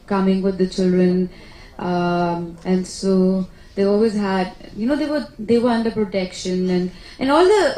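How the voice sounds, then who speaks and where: A woman, an actress answering press questions in an animated, chatty way. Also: mid-range voice. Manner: chatty, animated storytelling with laughs. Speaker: actress at a film press meet. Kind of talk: casual press conference answers. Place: press conference room. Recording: echoey room, faint background noise.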